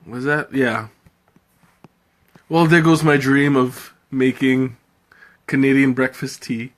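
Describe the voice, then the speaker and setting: A man hosts a live tea tasting, chatting casually on stream, answering viewer comments, laughing often and thinking out loud. His medium-pitched voice is slow with fairly even intonation.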